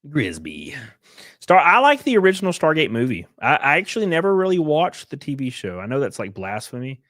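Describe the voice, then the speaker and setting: A man's voice: on the high side, wildly swooping pitch, fairly quick, a bit bright, no room sound, clean studio sound. A man with an American accent, chatting casually with his live-stream viewers in a rambling, laid-back way and cursing now and then. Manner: sings snatches of a theme song.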